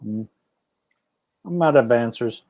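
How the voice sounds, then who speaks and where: Male trivia player, slow and easygoing, playful buzz-ins. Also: mid-range voice, expressive, a little mellow. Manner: playful, buzzes in with "ding ding". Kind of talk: casual trivia banter.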